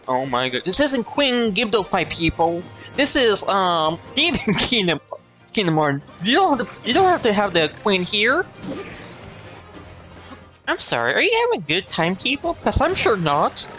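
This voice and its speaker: A man giving casual gameplay commentary in a let's play, animated and playfully complaining. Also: high voice.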